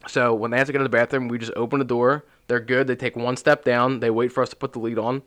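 A man's voice: medium pitch, fast talker. A young man, co-hosting a podcast and telling stories animatedly in casual chat, swearing often. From Philadelphia area. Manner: animated storytelling, swears a lot. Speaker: podcast co-host.

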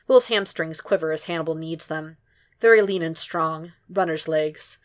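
A woman narrating a fan fiction audiobook in a steady, unhurried way. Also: deep voice. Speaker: podfic reader.

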